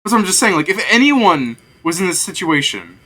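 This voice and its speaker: A young man with a bright, forward voice spins a rambling story during casual chat. He plays the game master, swears freely and laughs at his own tale. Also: sits high, sing-song, moderate pace.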